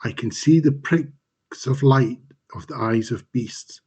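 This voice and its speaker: On a live stream with a home microphone, the author delivers his dark fantasy fiction slowly and dramatically, in measured fashion. The voice is medium-pitched and slightly rough.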